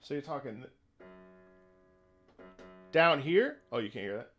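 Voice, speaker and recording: A male streamer chatting casually with his viewers, relaxed and musing as he answers their questions. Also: medium pitch, a little slow, lo-fi sound. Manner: relaxed, musing, talks to chat. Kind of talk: casual live-stream chat. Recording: game music playing faintly behind. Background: video game music.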